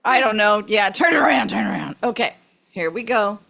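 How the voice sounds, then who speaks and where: A woman hosting a virtual party guessing game, bubbly and quick to cheer. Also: medium pitch, animated, creaky, fairly bright tone. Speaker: game host.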